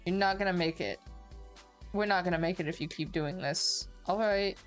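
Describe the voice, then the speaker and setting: A woman's voice: fairly low pitch, moderate pace, faint music behind. A woman streamer reading an interactive story aloud, with joking asides and casual swearing.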